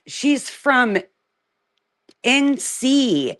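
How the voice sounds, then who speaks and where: Woman, panelist, animated, slangy, quick to cut in, casual chat. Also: mid-range voice. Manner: animated and quick, slangy, talks over others.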